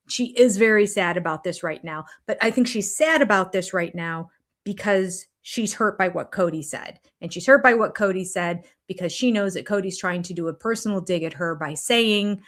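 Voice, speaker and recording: Older woman, reaction host, mid-pitched voice, chatty and opinionated with rambling asides. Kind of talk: casual reaction commentary.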